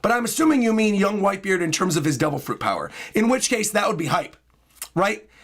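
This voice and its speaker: A man streaming live in casual chat, hoarse with a worn-out voice, excitable and prone to bursts of loud hyped yelling. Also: high voice, fairly quick. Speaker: streamer reacting to a comic chapter.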